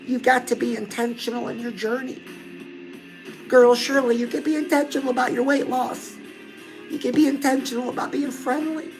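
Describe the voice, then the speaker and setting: A woman's voice: high-pitched, rough recording. A middle-aged woman hosting a casual livestream chat, coaching her viewers and calling them "girl". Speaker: host.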